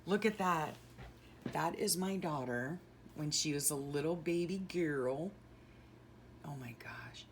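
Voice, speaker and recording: A woman's voice: low-pitched, measured pace, a little hiss or hum. A middle-aged woman vlogging casually while packing, sentimental and gushing, rambling with self-correcting asides.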